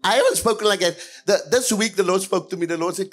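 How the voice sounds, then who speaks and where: A male pastor preaching a sermon, moving between quiet passages and louder lines, with repeated hallelujahs. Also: high-pitched, fast, hardly any pauses, faint music behind.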